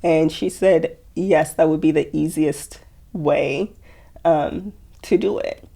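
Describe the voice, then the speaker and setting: A young woman telling her story as a guest in an interview, speaking softly with many fillers and quoted dialogue. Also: low-pitched, slow pace, vocal fry. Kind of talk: emotional personal interview.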